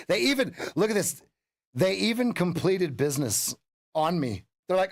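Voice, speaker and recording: A man's voice: medium pitch, lively intonation, a little slow, fairly bright tone. A man coaching a live day-trading stream, swearing and laughing at his own losses.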